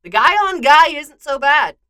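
Woman reading a teasing young male archer; bright, animated, self-mocking. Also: high voice, a little slow, pitched above the performer's own voice, full character voice.

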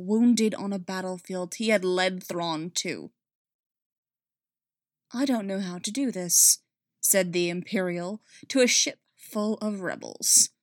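A woman giving an expressive, dramatic reading of a story. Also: mid-range voice, no room sound, clean studio sound. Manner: expressive, rising and falling with the drama. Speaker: reader.

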